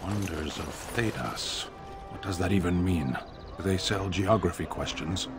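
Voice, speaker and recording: An actor playing a grumbling male townsperson in a video game, offhand and gruff. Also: deep voice, unhurried, over loud music.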